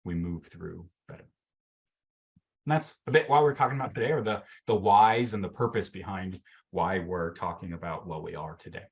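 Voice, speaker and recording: Speaking in a deep voice at a moderate pace, this man coaches a group over a video call, teaching a mental fitness workshop. His casual talk is packed with fillers, and he performs inner voices.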